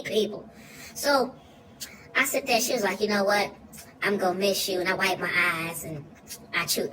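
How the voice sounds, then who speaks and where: A woman's voice: mid-range voice, far from the mic, natural voice. A woman playing a goofy, food-loving young boy, rambling through a comic monologue with slang and sudden squealing outbursts.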